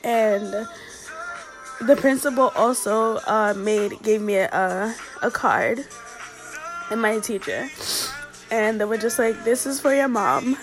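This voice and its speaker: A woman earnestly telling a personal story, halting and emotional as she speaks. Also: medium pitch, fairly even intonation, over music.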